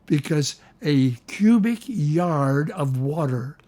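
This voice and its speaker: A man's voice: on the high side, expressive, dark tone. Older man explaining hymn harmony. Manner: enthusiastic, sings melody fragments, slows for emphasis. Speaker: host, music teacher. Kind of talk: casual teaching chat.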